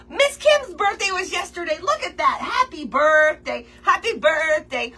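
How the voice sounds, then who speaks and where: A woman's voice: very high-pitched, big pitch swings, normal speed, few pauses, pushed and bright. A middle-aged woman hosting a craft livestream, chatty and folksy, greeting viewers by name.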